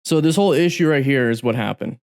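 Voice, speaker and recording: A man's voice: medium pitch, fast talker, noisy background. A man who teaches motorcycle riding, commenting over road videos in a chatty way and repeating phrases for emphasis.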